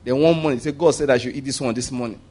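A man preaching a sermon, animated and humorous, often restarting sentences and acting out the voices he quotes. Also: medium pitch, very fast.

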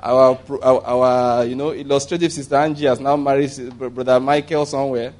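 A man preaching a sermon, animated and humorous, often restarting sentences and acting out the voices he quotes. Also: mid-range voice, brisk.

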